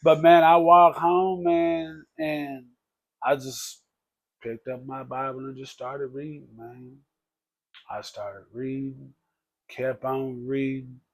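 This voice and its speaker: A man telling his life story in a casual podcast conversation, talking loosely and dropping low to quote others. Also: animated, takes it slowly, creaky. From Texas. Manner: conversational, peppers speech with "man" and "bro", drops low for quoted speech. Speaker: podcast guest.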